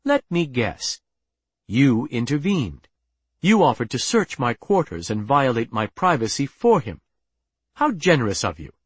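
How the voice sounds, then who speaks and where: A man's voice: medium pitch, very animated, a little slow, slightly rough, no echo. A man voicing a tense, proud male alien officer who speaks in a clipped, stiff and indignant way.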